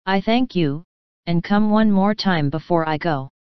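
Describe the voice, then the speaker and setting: A woman voicing a kindly older German professor who speaks in halting, formal, earnest phrases. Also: lowish voice, smooth, no room sound, dull audio, lightly acted.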